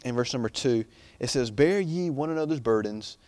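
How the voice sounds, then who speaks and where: A man's voice: medium pitch, expressive, moderate pace, darkish tone, no room sound. A young man preaching an informal sermon in a chatty, rambling way, full of fillers and restarts.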